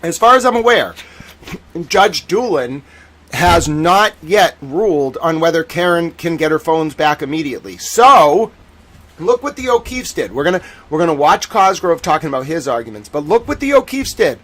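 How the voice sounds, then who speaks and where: A man hosting a casual legal commentary stream, animated and sarcastic, who mocks people in whiny put-on voices. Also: on the high side, moderate pace. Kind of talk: casual chat.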